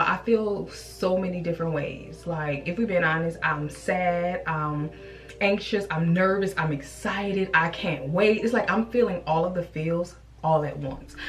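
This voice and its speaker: Young woman vlogger, lowish voice, confessional and chatty, faint music underneath. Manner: chatty, emotional, addresses viewers as y'all and girl. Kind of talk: casual confessional vlog. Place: home bathroom, filmed on own camera.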